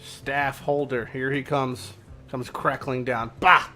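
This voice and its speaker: Relaxed man narrating gameplay. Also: mid-range voice, slow pace, faint music behind. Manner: relaxed, with filler words. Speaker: gaming channel host. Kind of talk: casual gameplay commentary.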